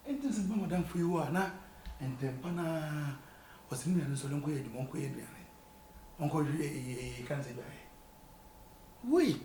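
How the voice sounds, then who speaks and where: A man bantering loudly through a comedy skit, his voice fairly high for a man. He mixes English and Twi in bursts of excited chatter. The room around him is echoey, with a faint hiss under it. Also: moderate pace, pauses often, recorded from a distance.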